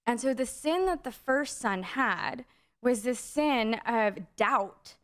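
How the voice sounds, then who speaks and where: A woman's voice: a little high, takes it slowly. A young adult woman co-hosting a faith podcast, telling a story in a rambling casual way, full of "like" fillers. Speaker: podcast co-host.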